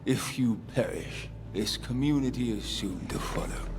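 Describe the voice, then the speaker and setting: A man's voice: mid-range voice, measured pace, close to an everyday voice. An actor playing a cold, clinical male scientist who was once a mentor. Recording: show clip with clear noise.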